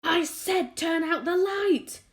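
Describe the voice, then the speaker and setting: A woman voicing a bossy, rowdy male centipede in a storybook reading, shouting impatiently. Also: a little high, expressive, moderate pace, close to an everyday voice.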